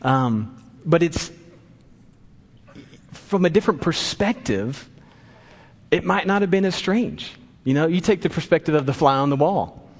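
A pastor delivers a church sermon, telling an anecdote and performing the voices of the people he quotes. His voice sits a little high, with lively intonation, a measured pace, and frequent pauses. A long hall reverb trails behind every line.

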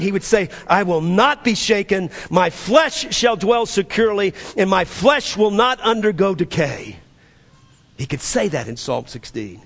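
In a high voice, a male pastor gives a fervent sermon, racing through scripture readings and then easing the pace for emphasis while echoing phrases back to the congregation.

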